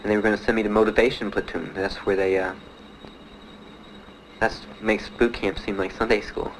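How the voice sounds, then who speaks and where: Low-voiced man recalling, halting. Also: little pitch movement, a little hiss or hum, low-quality recording. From Miami, United States. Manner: plain-spoken, halting, many fillers. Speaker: interviewee, Marine veteran. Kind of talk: interview recollection.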